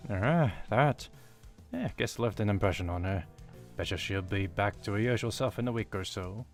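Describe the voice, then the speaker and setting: A man's voice: fairly low pitch, moderate pace, soft background music. A man casually reading a game story aloud, hesitant with fillers between the voices. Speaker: fan reader of a game story.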